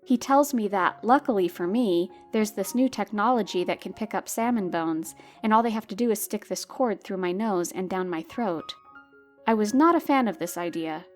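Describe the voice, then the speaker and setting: A woman of middle pitch reads a personal story aloud in a wry, exasperated way, as scripted narration. Faint music plays softly underneath her voice. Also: animated, normal speed. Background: faint background music.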